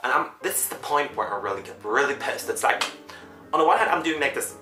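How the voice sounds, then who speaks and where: A woman in her twenties chats to camera in English that is not her first language, rambling on and correcting herself as she goes. Her voice is bright and swings widely up and down in pitch. The room is echoey, with faint music underneath. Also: expressive, quick pace. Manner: rambling, chatty, self-correcting. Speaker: vlogger. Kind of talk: casual chat to camera.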